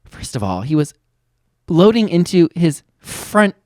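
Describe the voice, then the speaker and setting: Animated young woman telling a story. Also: lowish voice, a little slow, no echo, studio quality. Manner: animated, playful storytelling with acted-out quotes. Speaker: podcast co-host. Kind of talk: casual chat.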